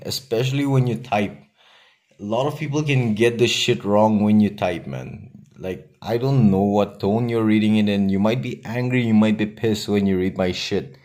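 A young man with a Nagaland accent, a native Nagamese speaker, hosting a solo podcast in a blunt, profane, defiant way with long pauses. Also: on the low side, a little mellow. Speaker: podcast host.

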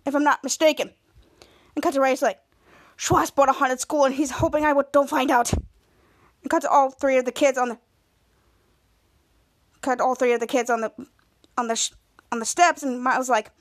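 A podcast host with a high-pitched, somewhat bright voice recaps a TV episode casually, scene by scene. Her retelling rambles in a stop-start way with many restarts.

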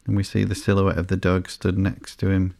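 A man hosting a podcast, reading through a comic book in a slow, sleepy, monotone way with soft fillers. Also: deep voice, vocal fry, no echo, clean studio sound. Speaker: podcast host.

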